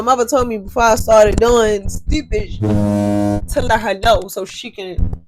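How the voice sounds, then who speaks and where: Animated, profane woman telling a story. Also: mid-range voice, a little slow, over music. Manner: animated, profane, talks straight to viewers. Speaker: storyteller vlogger. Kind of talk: casual storytime vlog.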